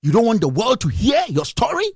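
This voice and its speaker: A man's voice: sits high, huge pitch swings, a little fast, creaky, darkish tone, husky, no room sound, clean studio sound. A young Ghanaian man with a Ghanaian accent, delivering an impassioned political rant on a live stream and firing off scolding rhetorical questions. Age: young adult. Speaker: radio commentator.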